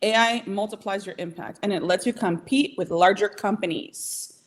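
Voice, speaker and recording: A woman giving a live training to small business owners, talking directly and emphatically, and checking in often with "okay?" and "right?". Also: medium pitch. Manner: emphatic, coaching, keeps asking "okay?" and "right?"; direct and motivational, speeds up and slows down.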